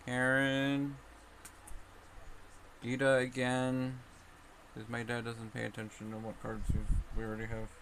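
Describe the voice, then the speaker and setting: A man's voice: on the low side, monotone, fast talker, creaky, few pauses, fairly bright tone, slight background noise. A young man streaming live, muttering anxiously to himself as he sorts through trading cards. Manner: mumbly, anxious, talking to himself while sorting cards. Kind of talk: casual live-stream chat.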